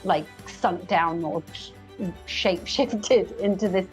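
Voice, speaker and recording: A woman's voice: fairly low pitch, slow, soft background music, rough recording. A woman playing a tabletop game, loosely describing her character's actions with many likes and ums. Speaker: player. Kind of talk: narrating own character's actions.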